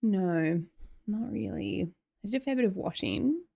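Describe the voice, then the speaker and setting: A woman's voice: mid-range voice, expressive, unhurried, vocal fry, warm tone, slightly rough. A young Australian woman from Sydney streaming casual chat, chatty, laughing often and trailing off mid-sentence. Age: young adult. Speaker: live streamer.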